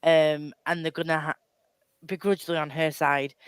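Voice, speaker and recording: Woman, casual book chatter, tangents and restarts, smooth voice, dry mic. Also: low voice, little pitch movement, moderate pace, no room sound. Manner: rambling, self-deprecating, frequent laughs and restarts. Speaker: book club co-host.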